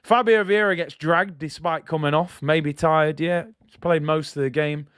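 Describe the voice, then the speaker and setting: A young man hosting a live football watch-along, reading chat and reacting loudly to the match. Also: fairly high pitch, moderate pace, clean tone, dry recording, clean studio sound. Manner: excitable, banters with chat, shouts at big moments.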